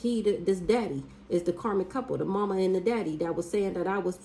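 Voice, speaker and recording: A woman doing a casual spiritual reading, blunt and profane, with drawn-out hums and exclamations. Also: medium pitch, warm tone, a little hiss or hum, low-quality recording. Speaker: spiritual reader.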